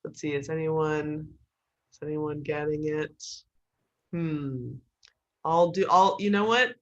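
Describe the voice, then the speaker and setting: A woman instructor giving an online writing class in a joking, lively way, over a video call. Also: low voice, takes it slowly, highs cut off.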